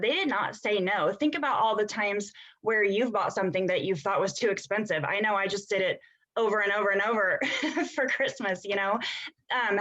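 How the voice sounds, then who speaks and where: A woman's voice: mid-range voice, a bit bright, poor audio. A woman co-hosting a morning video call, coaching in a chatty way with many fillers. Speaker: co-host.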